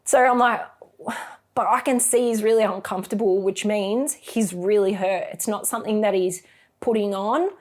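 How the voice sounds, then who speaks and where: A woman's voice: mid-range voice, moderate pace. A middle-aged woman with an Australian accent, a mother expressively recounting memories in an interview.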